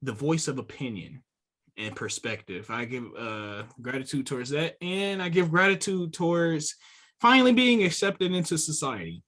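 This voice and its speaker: A man co-hosting a podcast, speaking in a laid-back, drawn-out way. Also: a little high, expressive, fairly bright tone. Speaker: podcast co-host. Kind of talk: casual chat.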